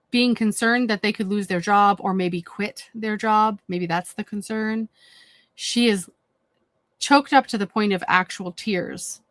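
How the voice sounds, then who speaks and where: A woman's voice: mid-range voice, fairly bright tone, dry recording. A woman commenting on played clips in a conversational, repetitive way with frequent fillers.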